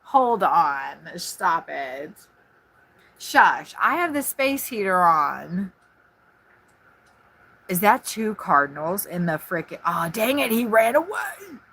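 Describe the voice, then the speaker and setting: A woman live-streaming from inside her RV on a phone propped on a tripod, chatting quickly and jumping from one thing to the next. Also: on the low side, husky. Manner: fast, scattered, excitable chatter. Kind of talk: casual live-stream chat. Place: inside an RV at a campground.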